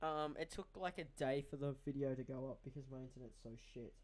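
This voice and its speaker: A young man co-hosting a podcast, swearing and telling animated stories about his friend, acting out what people said. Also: medium pitch, fast talker. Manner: animated storytelling, swearing, acts out quoted voices. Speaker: podcast co-host. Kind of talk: casual banter.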